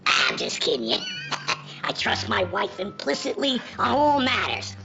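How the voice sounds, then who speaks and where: A man's voice: sits high, huge pitch swings, unhurried, creaky, full character voice. An actor playing a sly, mocking card-playing boss who toys with a man who owes him money, in a film. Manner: sly, mocking, rambling, wordplay. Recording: dull film soundtrack with faint music.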